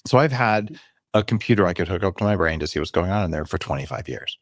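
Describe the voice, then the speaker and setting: This podcast guest, a biohacking author in his fifties, talks fast while telling candid stories, animatedly acting out quotes and voices and shifting pitch to stress points. There is no room sound, just clean studio audio.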